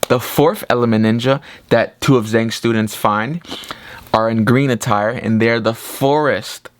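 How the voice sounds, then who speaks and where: A man talks through a film review in a casual, excited way, leaning on "like" as he retells scenes. His pitch sits in an ordinary middle range. The sound is dry and close, with no room echo. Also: measured pace. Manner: excited retelling, heavy use of 'like'. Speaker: movie reviewer.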